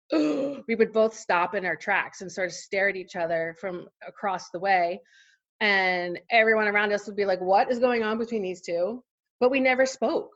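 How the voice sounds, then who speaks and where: A woman's voice: mid-range voice, muffled recording. A woman in her forties, a podcast guest, telling a personal story in casual interview chat with lots of fillers and laughter. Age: 40s.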